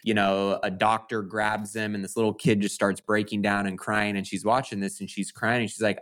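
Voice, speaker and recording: A man's voice: lowish voice, flat delivery, moderate pace, few pauses, fairly bright tone. A man co-hosting a podcast, talking in an earnest, motivational way in casual chat. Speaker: podcast co-host.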